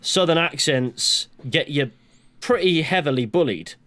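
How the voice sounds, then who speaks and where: A man's voice: a little high, expressive, a little slow, fairly bright tone. A young man from the West Country of England with a West Country accent touched by northern English, chatting on a podcast in a sweary, rambling way with many restarts. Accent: West Country English with some northern English. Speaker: podcast co-host. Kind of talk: casual chat.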